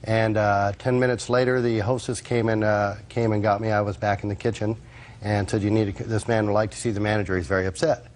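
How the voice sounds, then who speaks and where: Hesitant low-voiced male witness. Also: flat delivery, brisk, a little mellow. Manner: hesitant, many fillers, matter-of-fact. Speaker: restaurant manager as witness. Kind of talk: courtroom testimony. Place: courtroom set.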